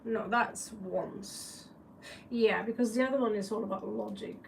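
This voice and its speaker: Recorded from a distance with a little background noise, this Norwegian-accented tarot reader speaks in a mid-range, gravelly voice with fairly even intonation and a measured pace. The live reading is casual and chatty, full of jokes and blunt cursing.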